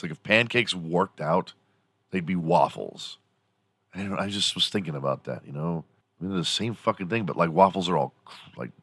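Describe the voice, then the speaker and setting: Low-voiced profane morning show host. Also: male voice, a bit bright, no room sound. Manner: profane, rambling, loose. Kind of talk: casual solo rant.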